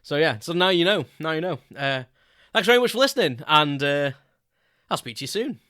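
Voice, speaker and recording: A man's voice: on the high side, expressive, a little fast, pushed and bright, no room sound, clean studio sound. A British man hosting his own podcast, telling a rambling personal anecdote in a chatty way with casual swearing. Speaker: podcast host. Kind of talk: casual solo storytelling.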